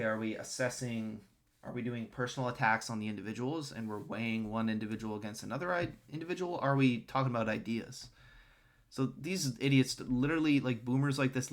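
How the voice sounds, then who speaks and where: A man's voice: mid-range voice, brisk. A man ranting scornfully and profanely while reacting to video clips. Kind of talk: crude reaction commentary.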